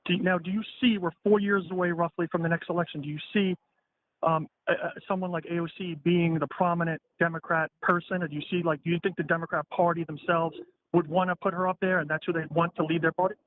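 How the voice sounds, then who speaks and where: Male caller from the Bronx, rapid and casual, fairly high voice over a thin phone line. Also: little pitch movement, a little hiss or hum. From the Bronx, New York. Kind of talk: phone call-in conversation.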